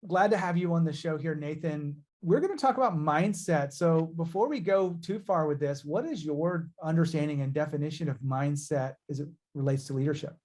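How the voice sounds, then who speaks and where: A man's voice: a little high, fairly quick, hardly any pauses, darkish tone. A man hosting a business interview podcast, asking questions and adding coaching asides to the listeners. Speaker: podcast host.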